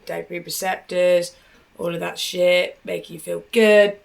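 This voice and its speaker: A British woman hosts a podcast, reacting to a clip with blunt, crude, chatty commentary laced with swearing. Her voice sits on the low side and sounds gravelly, with a flat, unhurried delivery. The audio is poor, with slight background noise.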